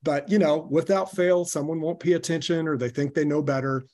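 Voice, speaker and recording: A man's voice: fairly high pitch, steady tone, fairly quick, warm tone. A man training new business owners, explaining sales steps and telling anecdotes with some fillers. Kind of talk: business presentation.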